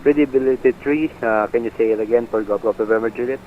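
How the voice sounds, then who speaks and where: A man's voice: mid-range voice, quick pace, slight background noise. Brief: hesitant male pilot on a muffled radio channel. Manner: hesitant readbacks with fillers. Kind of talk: radio readbacks. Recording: dull lo-fi radio.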